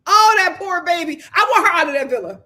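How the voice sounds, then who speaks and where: Woman host, live recap commentary, opinionated, high voice, very expressive melody. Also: fairly quick, a crowd in the background. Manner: animated, opinionated, acts out quotes.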